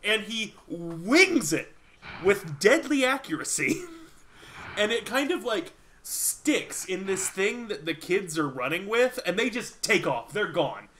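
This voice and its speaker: Lively high-voiced man game master. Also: slow, a little hiss or hum. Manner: laughs often, rambling with fillers. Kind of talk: narrating a tabletop game.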